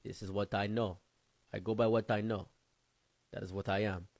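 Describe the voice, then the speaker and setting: A man's voice: fairly low pitch, little pitch movement, normal speed, darkish tone, no echo, close to an everyday voice. A man voicing his blunt African friend. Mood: matter-of-fact.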